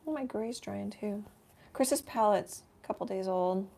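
Working in her home art studio, a middle-aged woman who teaches art and hosts a channel runs a live painting demo. Her medium-pitched voice is a little slow, creaky, and dark in tone. She chats casually, thinks aloud as she paints, and often trails off mid-sentence.

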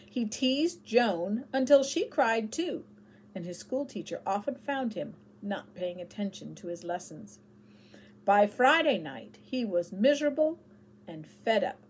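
Expressive woman reading a children's book. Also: medium pitch, measured pace, a little hiss or hum. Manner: expressive storytelling. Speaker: narrator. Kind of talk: chapter book read aloud.

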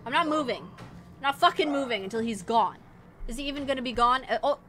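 A young woman streaming a horror game, swearing, muttering low and yelping in fright. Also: expressive, fairly quick. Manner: jumpy and profane, mutters low then yelps in fright. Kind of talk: casual let's-play commentary.

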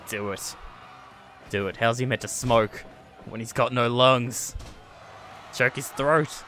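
A man giving live stream commentary on a wrestling video game, excitable, swearing and laughing often, swinging between yelling and muttering. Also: medium pitch, slow pace, pauses often, faint music behind.

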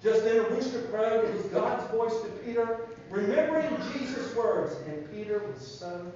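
A man giving a children's sermon in a church, telling a Bible story in an animated way and asking the kids questions. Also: high voice, moderate pace, slight background noise. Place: church sanctuary. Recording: echoey church from far off, dull sound.

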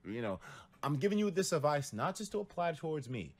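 A young man talking casually to his viewers on a livestream, telling stories and acting out quotes with loud jumps in pitch and lots of cursing. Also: brisk, slightly rough. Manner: animated storytelling, acts out quotes with big pitch jumps and cursing. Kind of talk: casual stream talk to viewers.

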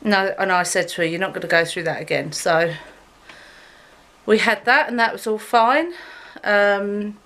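A woman films a vlog while walking her dog outside, chatting and rambling to her phone camera in a casual way. Her voice is a little slow and a bit bright, and she talks to her dog in a high sing-song.

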